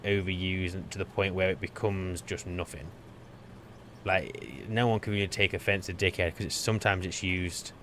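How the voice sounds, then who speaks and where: A man's voice: deep voice, sharp tone, a little hiss or hum. A man co-hosting a gaming stream, chatting casually in a hesitant, rambling way and often restarting his sentences. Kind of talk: casual chat while gaming.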